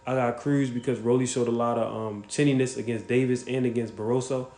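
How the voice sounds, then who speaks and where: A man hosts a casual livestream, speaking bluntly and swearing freely as he reacts to viewers and calls them out by name. His voice sits at an ordinary pitch for a man, and the sound carries a roomy echo. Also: steady tone, brisk. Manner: blunt, profane, shouts out viewers. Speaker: livestream host.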